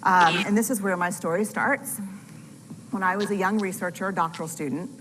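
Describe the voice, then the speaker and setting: A woman's voice: fairly low pitch, fairly even intonation, moderate pace, a bit bright, long reverb tail, a little hiss or hum, rough recording. A woman researcher giving a talk to an audience, telling candid, self-deprecating stories.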